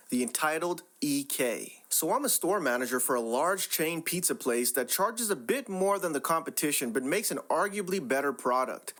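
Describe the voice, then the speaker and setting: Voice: mid-range voice, a bit bright. A story narrator reading online posts aloud in a wry, exasperated tone.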